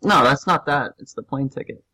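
Man co-host, husky voice, easygoing banter, quick shocked reactions. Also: mid-range voice, pushed and bright, poor audio. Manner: laughs a lot, reacts with shocked exclamations. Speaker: podcast co-host. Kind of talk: casual chat.

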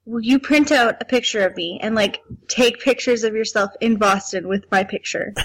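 A woman's voice: on the high side, moderate pace, no room sound. A woman in a casual podcast chat, talking hesitantly and anxiously with groaning sighs.

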